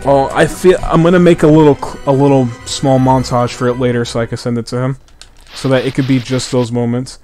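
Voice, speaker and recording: A man's voice: medium pitch, steady tone, a little fast, dark tone. Chatty man narrating a video game. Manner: chatty, rambling with restarts and laughs. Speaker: host. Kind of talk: casual gameplay commentary. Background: game music.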